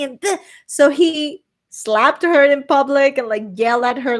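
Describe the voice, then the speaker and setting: Reading her chat's comments out loud, a young female streamer rambles through a casual conversation, cursing occasionally and switching into Spanish at times. Her voice sits high, and she speaks at a measured pace.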